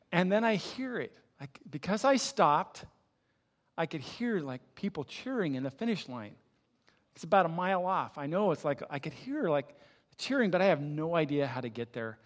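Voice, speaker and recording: Older pastor in an echoey hall. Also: male voice, sits high, normal speed. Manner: storytelling, animated in the story, soft and hushed in prayer. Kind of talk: sermon. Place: church sanctuary.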